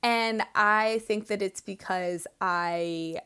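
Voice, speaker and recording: A woman's voice: medium pitch, steady tone, slow pace, fairly bright tone, clear, resonant tone. A woman from Connecticut co-hosting a podcast in casual chat. She rambles and trails off with fillers. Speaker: podcast co-host.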